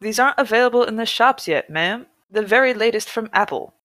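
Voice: medium pitch, very animated, moderate pace, slightly rough, no room sound, pitched above the performer's own voice. A woman voicing a smart young male delivery man in a laid-back California surfer drawl, read aloud in a comedy podcast. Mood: polite, breezy.

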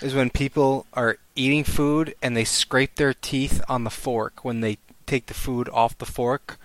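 A man hosting a casual podcast chat, talking loudly and animatedly and laughing often. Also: mid-range voice, fairly even intonation, measured pace, no room sound. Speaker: podcast host.

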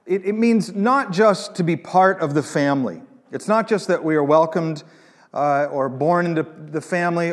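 A man preaching in a church, his voice sitting a little high and trailing off into a long hall reverb. He keeps it conversational, with jokey asides to the congregation. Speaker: pastor. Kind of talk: sermon.

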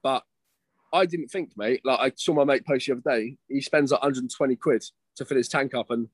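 A man's voice: medium pitch, fairly quick, no echo. A young man chatting casually as a guest, rambling, swearing and calling everyone mate and bro. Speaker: guest, competing bodybuilder. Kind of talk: casual chat.

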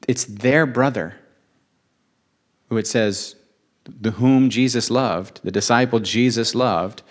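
A man preaching a sermon, earnest and emotional, repeating phrases for emphasis. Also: medium pitch.

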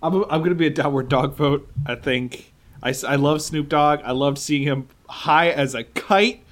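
A man's voice: fairly high pitch, normal speed. A man co-hosting a comedy podcast, wry and laughing as he casts his votes. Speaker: podcast co-host. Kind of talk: casual comedic chat.

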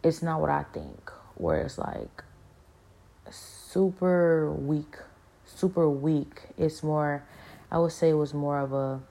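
A woman giving an earnest personal testimony in a halting, casual way, full of restarts and fillers. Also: low-pitched, lively intonation, gravelly, warm tone. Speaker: speaker sharing a spiritual experience.

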